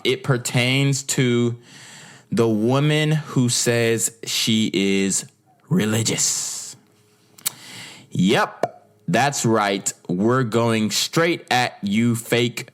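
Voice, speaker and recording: Profane ranting young man vlogger. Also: mid-range voice. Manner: profane, blunt, rambling with restarts and asides. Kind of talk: casual unscripted rant to camera.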